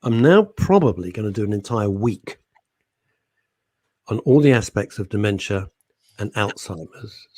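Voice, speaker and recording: A man hosting a radio talk show, chatting theatrically with mock outrage and quiet asides. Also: lowish voice, expressive, unhurried, long pauses, dry recording. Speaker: radio host. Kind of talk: casual radio banter. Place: radio studio. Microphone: studio microphone.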